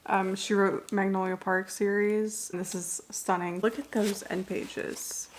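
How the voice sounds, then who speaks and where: A woman's voice: mid-range voice, little pitch movement, measured pace, very noisy. Chatty young woman vlogging casually. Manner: blunt, chatty, uses lots of fillers and swearing. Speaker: book vlogger. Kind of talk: casual vlog chat. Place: home.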